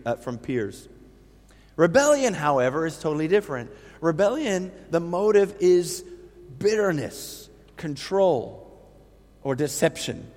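Middle-aged male preacher, fairly high voice, emphatic delivery, long hall reverb. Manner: storytelling, emphatic, lively. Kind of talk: sermon.

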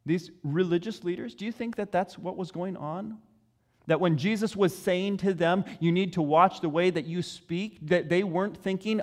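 A man with a high voice preaches with earnest, searching questions and deliberate pauses. His voice rings with a long reverb. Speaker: pastor. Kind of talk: sermon.

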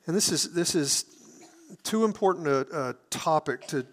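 A man's voice: fairly high pitch, lively intonation, moderate pace. A man preaching a sermon, explaining scripture earnestly, often restarting his phrases.

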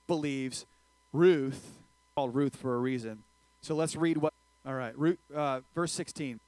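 A man preaching a sermon in a lively, joking way, swinging between loud and quiet. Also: medium pitch, dry recording, poor audio. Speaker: pastor.

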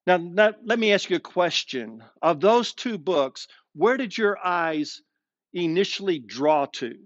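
A male pastor delivers an expressive sermon, often slowing down and sinking into a low voice to stress a point. His voice sits fairly high. The recording is dry and slightly dull. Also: no room sound. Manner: expressive preaching, slows down and drops low for emphasis. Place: streamed sermon with online chat.

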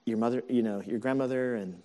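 A man's voice: mid-range voice, fairly quick, dark tone. A man in his forties, a pastor, preaching a sermon in a candid, conversational storytelling way with many fillers.

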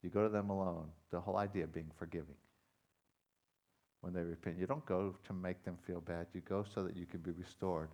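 Male pastor, low voice, preaching with dramatic loud-to-quiet swings. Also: fairly even intonation, a little fast. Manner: dramatic storytelling, loud rising emphasis then quiet intensity. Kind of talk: sermon.

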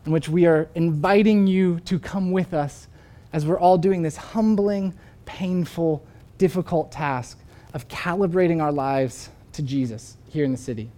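A pastor preaching with a warm, mellow voice, telling a story in an earnest, unhurried way. He draws the listeners in before leading them into a prayer. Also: fairly high pitch. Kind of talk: sermon.

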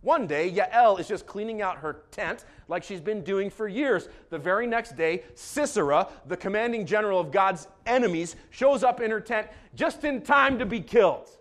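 A man preaching a sermon as pastor, joking and animated, moving between calm asides and loud bursts. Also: sits high, normal speed, hardly any pauses.

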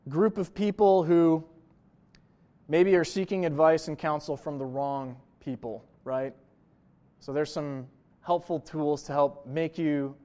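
A man's voice: on the high side, darkish tone. A young adult man, a pastor, preaching a sermon in a conversational, personal way, often checking in with "right?" and "you know" as he talks.

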